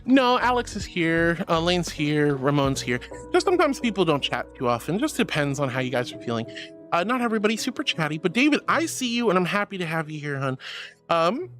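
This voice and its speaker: Over soft background music, a man with a slightly high, sing-song, fairly bright voice speaks briskly. Streaming from his home setup, he reads out chat messages in a casual, playful, giggly, affectionate way.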